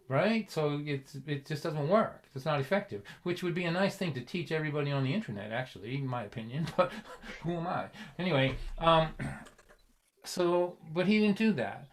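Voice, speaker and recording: A man telling a comic story to a livestream audience, rambling along, chuckling and checking in with his listeners. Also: mid-range voice. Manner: rambling, chuckling, asks "you know what I mean". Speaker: folk singer and storyteller.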